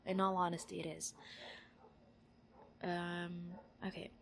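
A woman vlogger reading a list of single words one by one, deliberately, in a put-on Tagalog accent. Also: fairly low pitch, flat delivery, creaky, slight background noise. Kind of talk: accent challenge word list.

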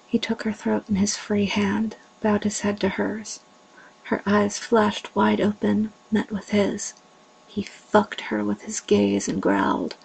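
A woman narrating an erotic story in a slow, breathy way with a gravelly voice, often dropping to a whisper. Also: medium pitch, expressive, darkish tone, rough recording.

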